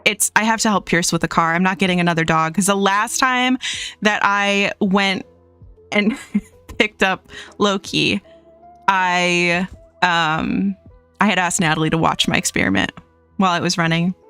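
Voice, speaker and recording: A woman's voice: on the low side, fairly even intonation, a little slow, sharp tone, smooth, soft background music. Chatty young woman streamer, giggly. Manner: chatty, giggly, reads chat aloud. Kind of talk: casual live-stream chat. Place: home.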